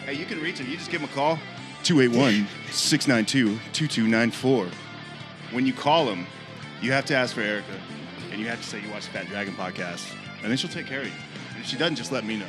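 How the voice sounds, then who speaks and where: A man's voice: medium pitch, fast talker. A man doing a joking, crude sponsor read on a podcast, mocking the listener between lines. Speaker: podcast host reading a sponsor ad. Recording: guitar music under the voice.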